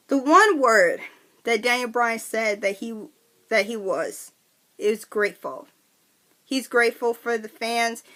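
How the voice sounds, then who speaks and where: A woman giving a chatty, excitable wrestling recap to her viewers, full of restarts and fillers. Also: on the high side. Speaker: wrestling vlogger. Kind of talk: casual recap vlog.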